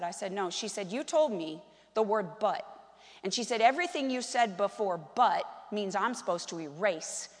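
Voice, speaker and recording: High-voiced woman preaching in a reverberant hall. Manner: animated, conversational preaching with bursts of emphasis. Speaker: pastor. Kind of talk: sermon. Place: church sanctuary. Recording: long reverb of a large hall.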